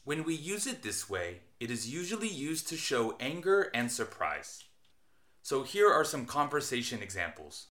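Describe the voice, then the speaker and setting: A man teaching an English lesson, reading out example sentences slowly and carefully. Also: medium pitch, very animated, bright, forceful tone. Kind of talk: scripted English lesson narration.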